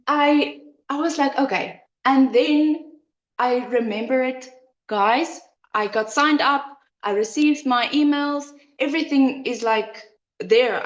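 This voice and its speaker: A woman telling her personal story as a heartfelt testimonial, often re-enacting her own past thoughts. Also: on the high side. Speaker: online business member sharing her story. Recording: roomy, slightly muffled.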